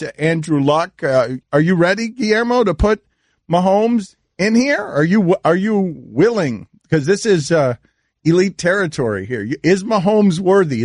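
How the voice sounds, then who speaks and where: A man's voice: on the high side, no echo. A male sports radio host speaks in a slightly raised voice close to a dry studio mic. He needles his producer with incredulous questions. He stumbles and restarts his sentences as he goes. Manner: incredulous, teasing, halting restarts.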